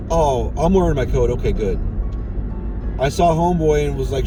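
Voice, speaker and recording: A man's voice: a little high, sing-song, measured pace, pauses often. A man vlogging from his car as he drives, rambling and joking crudely to himself. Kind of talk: casual driving vlog monologue. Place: inside a car while driving. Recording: distant mic with music playing. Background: music.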